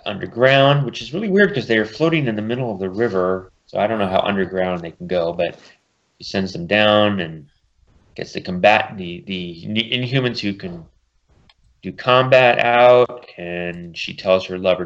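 A man's voice: on the low side, lo-fi sound. A man hosting a casual podcast chat, recapping a comic book plot and commenting as he goes. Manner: summarizes plots and puts on quick character voices.

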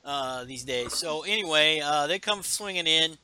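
A man casually recapping a comic book on a podcast, animated and jumping into character lines. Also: fairly high pitch, moderate pace, a little hiss or hum. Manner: animated, acts out character lines in raised voices. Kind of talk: casual chat.

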